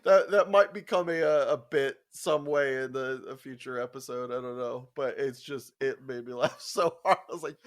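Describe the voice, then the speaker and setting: A man's voice: medium pitch, moderate pace, hardly any pauses. A young man co-hosting a podcast, telling work stories in casual chat, swearing freely and laughing as he acts out quotes. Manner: profane animated storyteller, laughs often, acts out quotes. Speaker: podcast co-host.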